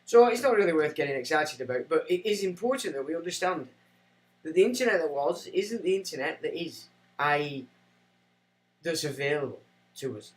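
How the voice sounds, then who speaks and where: A man's voice: on the high side, lively intonation, fairly quick, poor audio. A man hosting a livestream, rambling and self-mocking as he chats to viewers. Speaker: livestream host. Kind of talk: casual livestream chat.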